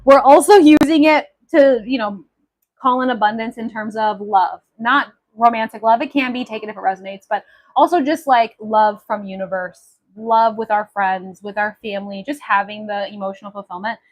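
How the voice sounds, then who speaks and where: A woman's voice: mid-range voice, moderate pace, low-quality recording. A woman from Maui hosting a casual livestream, chatty and enthusiastic, with many fillers as she talks to viewers. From Maui, Hawaii. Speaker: livestream host.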